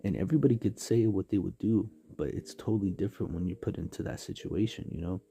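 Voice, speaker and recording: A man's voice: low-pitched, fast, gravelly, mellow. A man from San Diego giving a casual spoken devotional on a livestream, rambling with many fillers and street slang. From San Diego, California. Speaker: livestream preacher.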